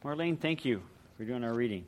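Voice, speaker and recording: A middle-aged man, a pastor, preaching a sermon and praying in an earnest, measured way. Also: mid-range voice, animated. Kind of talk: sermon with prayer.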